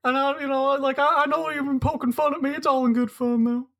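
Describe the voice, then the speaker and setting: A man doing a folksy older statesman with a gravelly, creaky edge and a pitched-up voice. He drawls along in a chummy, teasing way, as in a comedy podcast sketch. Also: little pitch movement, quick pace, pushed and bright, heavily acted. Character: impression of a former US president, male, older, folksy.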